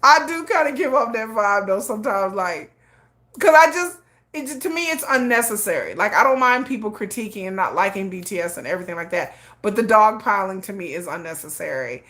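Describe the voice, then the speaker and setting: A woman's voice: mid-range voice, lively intonation, a little fast, bright, forceful tone. Emphatic woman hosting a livestream. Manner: emphatic, repeats herself, laughs often. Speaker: livestream host. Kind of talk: casual livestream commentary.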